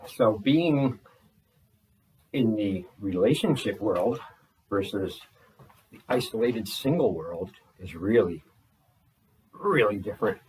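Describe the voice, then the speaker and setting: A man talking in a rambling video journal, holding back a restless energy and slowing himself down on purpose. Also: on the low side, expressive, darkish tone, far from the mic, rough recording. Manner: restless, deliberately slowed and restrained delivery; frequent fillers and restarts. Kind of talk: rambling personal journal talk. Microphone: laptop.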